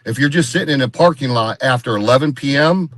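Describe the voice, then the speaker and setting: A man appearing as a guest Bigfoot researcher on a live video call tells a rambling, casual story, repeating himself and acting out what other people said. His voice is medium-pitched, fast and a bit bright.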